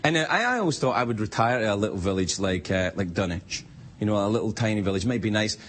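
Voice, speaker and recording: Animated Scottish man telling jokes. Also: lowish voice, quick pace. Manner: rambling, self-mocking storytelling. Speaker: late-night talk show host. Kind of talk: stand-up monologue. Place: television studio with live audience. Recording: studio audience laughter and noise.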